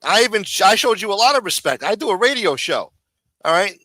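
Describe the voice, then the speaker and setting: A streetwise man hosts a live recap stream, cursing freely and breaking balls in an easy, casual way. His voice sits a bit high for a man. The sound is close and dry, with no room around it. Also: sing-song, a little fast, sharp tone, dry recording. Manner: streetwise, profane, ribbing. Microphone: studio mic for a radio-style show.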